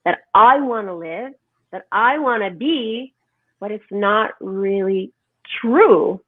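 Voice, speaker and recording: A woman speaking as a holistic health guest in an animated, emphatic conversational interview, often asking "right?". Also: mid-range voice, slow, no echo. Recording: tinny phone-like line, dry.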